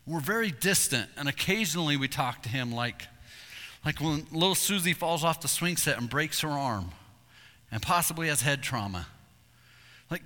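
A man preaching a sermon, telling hunting stories with animated delivery and acting out calls and voices. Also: fairly high pitch, moderate pace. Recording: long reverb in a hall.

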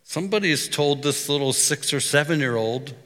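A middle-aged man preaching a sermon, his voice bright and forceful. He talks like a storyteller, easy and conversational, and the sound rings out with the long reverb of a church hall. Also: fairly high pitch, brisk. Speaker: pastor.

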